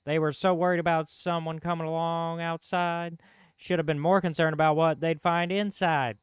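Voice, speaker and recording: A man voicing a gruff, greedy mercenary dwarf with a Southern US accent and a blunt, folksy drawl. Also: a little high, little pitch movement, normal speed, no echo, clean studio sound, natural voice.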